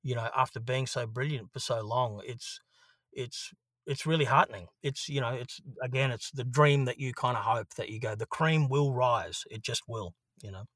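A man with an Australian accent, an actor telling lively stories in an interview. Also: mid-range voice, normal speed, no room sound, studio quality. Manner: animated storyteller, swears freely. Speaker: actor, guest. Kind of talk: casual interview anecdote.

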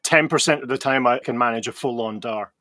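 A man's voice: mid-range voice, fairly quick, bright, forceful tone, no room sound, clean studio sound. A man co-hosting a casual podcast, the knowledgeable one, teasing dryly and explaining at length. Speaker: podcast co-host, the expert guest. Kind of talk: casual chat.

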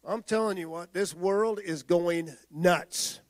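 A man's voice: high-pitched, takes it slowly, no room sound. A male pastor preaching a sermon in a loose, conversational way, with asides and restarts.

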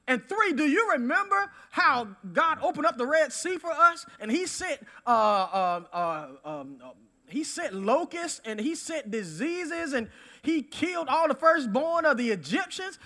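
A man preaching a sermon, emphatic, repeating key phrases and swinging between loud declarations and hushed asides. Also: very high-pitched, very animated, a little slow.

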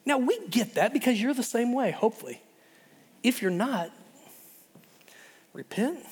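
A middle-aged man preaching a sermon in an animated way, often repeating words and restarting. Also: extremely high pitch, a little slow, husky. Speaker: pastor. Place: church hall. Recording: long hall reverb.

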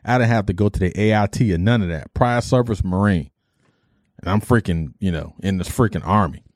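A man's voice: fairly low pitch, a little fast, dry recording, clean studio sound. A middle-aged man from Detroit, an army veteran, casually telling his life story and acting out the dialogue. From Detroit, USA. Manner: animated retelling, acts out dialogue, mild cursing substitutes.

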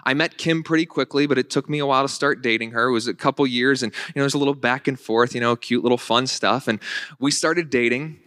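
A man in his late twenties preaches to his congregation in a lively, conversational way, with quick restarts and asides. His voice sits at an ordinary middle pitch. The sound is dry and close, with little room echo. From Northern Virginia. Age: late 20s. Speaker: pastor. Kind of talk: sermon.

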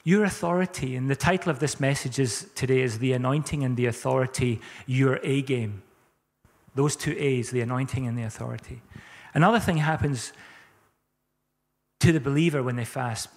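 A man's voice: medium pitch, normal speed, long reverb tail. A male pastor giving a sermon in a casual, conversational way, often asking the congregation questions. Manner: conversational, chatty preaching with rhetorical questions. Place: church.

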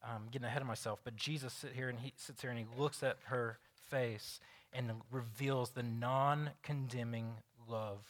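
Male pastor, live sermon; mid-pitched, loose and conversational, swings between hushed and loud. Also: fairly even intonation, moderate pace. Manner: unscripted, restarts often, swings from hushed to loud and emphatic.

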